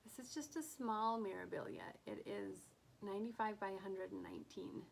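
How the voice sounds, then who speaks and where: A woman's voice: medium pitch, normal speed, vocal fry, a little hiss or hum, poor audio. A woman chatting casually about her craft haul, gushing over each item and often dropping to a near whisper. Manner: gushing, soft-spoken, often drops to a whisper. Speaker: cross stitch vlogger.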